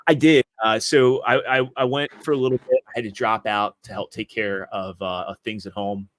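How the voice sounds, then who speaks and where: A man in his thirties, a guest on a casual podcast, telling stories about his life in a rambling way and often restarting his sentences. His voice is fairly low, and the sound is dry and close. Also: steady tone, normal speed, no room sound. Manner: rambling storyteller with frequent restarts. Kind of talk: casual interview chat.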